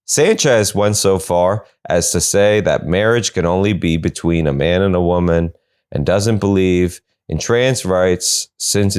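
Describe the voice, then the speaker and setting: A man's voice: deep voice, darkish tone. A man hosting a comedy podcast, reading odd news stories and cutting in with sarcastic quips. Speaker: podcast host.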